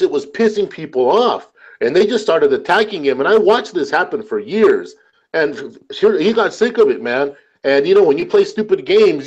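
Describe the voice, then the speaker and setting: Man, casual talk panelist; animated storyteller, swears, keeps saying "man"; voice on the high side. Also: dull audio. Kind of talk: casual chat.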